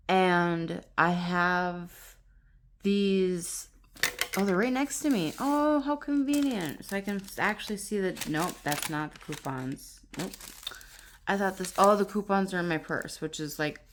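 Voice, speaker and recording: A woman filming a casual vlog on her phone at home, excitable and gushing, laughing often as she talks. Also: fairly low pitch. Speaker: vlogger. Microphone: phone camera on tripod.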